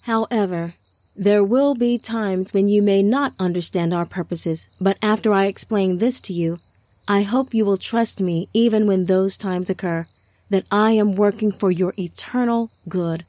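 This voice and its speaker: A woman voicing a calm male divine lord who speaks softly and in measured, reassuring tones. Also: medium pitch, no room sound, natural voice. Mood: gentle.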